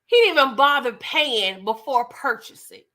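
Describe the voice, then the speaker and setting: Bright-voiced chatty woman recapping TV. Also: sits high, lively intonation, normal speed. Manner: chatty, slangy, laughs often. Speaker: TV recap reviewer. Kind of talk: casual TV recap commentary.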